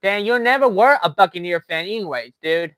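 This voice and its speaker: A man's voice: high voice, expressive, a little fast, fairly bright tone. Taunting man on a gaming stream. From Texas. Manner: taunting, arguing with chat. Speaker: livestreamer. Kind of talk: live gaming stream talk.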